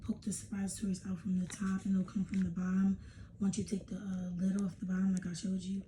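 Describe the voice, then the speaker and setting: A woman's voice: medium pitch, monotone, fast, noisy background. A young adult woman vlogging at home, chatting casually and demonstrating a product, rambling and laughing often. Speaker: beauty vlogger. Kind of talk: casual chat and product demo.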